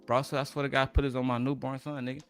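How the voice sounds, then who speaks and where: A man telling a rough personal story in a casual, profane rant, animated and full of streetwise slang. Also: mid-range voice, rapid-fire, faint music behind.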